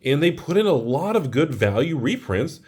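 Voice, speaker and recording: An American man who owns a card shop, chatting casually in a vlog while opening packs. He rambles in an excitable way, filling his talk with "like" and "dude.". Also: on the high side, normal speed, slight background noise. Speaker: card shop owner and investing vlogger.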